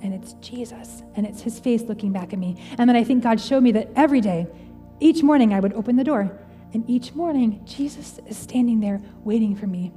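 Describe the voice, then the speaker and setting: A woman's voice: on the high side, brisk, mellow, faint music behind. Woman preaching earnestly in a reverberant hall. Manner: earnest, personal, conversational preaching. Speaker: pastor. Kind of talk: sermon. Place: church auditorium. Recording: large hall with long reverb.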